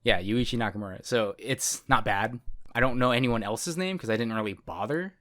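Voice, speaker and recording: A man's voice: mid-range voice, a little fast, a bit bright. Man, podcast co-host, casual chat, rambling, self-correcting.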